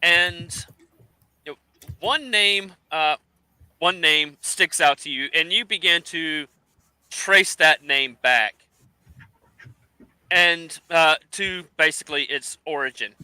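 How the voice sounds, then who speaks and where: Male game master, smooth and clear, pauses often to find words while narrating. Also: on the high side, sharp tone, no echo, low-quality recording. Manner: halting, searching for words.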